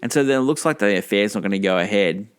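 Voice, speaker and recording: A man's voice: lowish voice, expressive, fast talker, smooth. A man co-hosting a casual film podcast, retelling scenes in a rambling way with many fillers. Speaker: podcast co-host.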